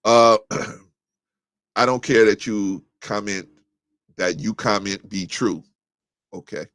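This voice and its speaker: Blunt low-voiced male talk show host. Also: slow pace, fairly bright tone, dry recording. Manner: blunt and combative, rising sharply when heated; restarts and fillers, thinking aloud. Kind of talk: live call-in talk show, reading chat comments.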